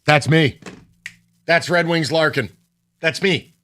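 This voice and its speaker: A man hosting a sports radio show in a studio, bantering excitably with his co-hosts. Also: on the high side. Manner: excitable, quick banter, whoops when right. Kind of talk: casual sports talk.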